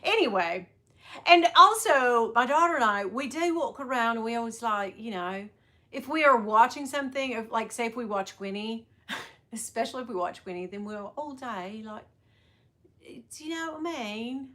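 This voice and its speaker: A woman's voice: fairly high pitch, lively intonation, moderate pace, pushed and bright. A middle-aged woman chatting casually on a livestream, rambling and greeting viewers by name. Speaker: livestream host selling bags. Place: at work on a sales floor.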